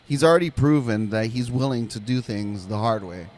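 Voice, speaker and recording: A man chatting on a casual podcast at an ordinary mid pitch. He often stammers and restarts before finding his point. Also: normal speed, darkish tone. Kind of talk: casual chat.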